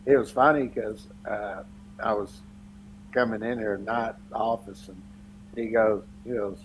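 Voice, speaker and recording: A man's voice: fairly low pitch, steady tone, unhurried, slight background noise, rough recording. A man co-hosting a casual sports podcast, rambling with lots of fillers and laughing through his stories. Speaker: podcast co-host. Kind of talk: casual chat.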